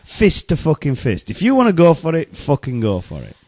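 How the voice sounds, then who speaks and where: A man's voice: fairly high pitch, wildly swooping pitch, fairly quick, a little mellow, no room sound. A man co-hosting a casual podcast, ranting in a heated, profane way and circling back over his points. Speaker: podcast co-host. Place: Oshawa, Canada.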